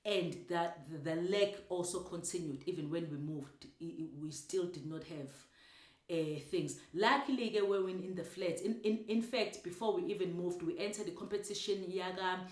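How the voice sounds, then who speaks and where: A woman's voice: lowish voice, moderate pace, a little mellow, roomy sound. A woman with a South African accent telling a personal story of faith, emotional and repeating herself often. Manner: emotional, repetitive, mixing in isiZulu words. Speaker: speaker sharing a personal story. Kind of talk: personal testimony.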